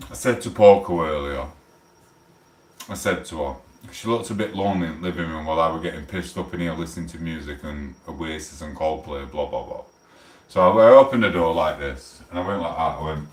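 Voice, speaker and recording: A man with a Sheffield accent, chatting casually on a live stream, rambling and swearing with loud outbursts. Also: low voice, moderate pace, roomy sound, distant mic. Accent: Sheffield, South Yorkshire. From England.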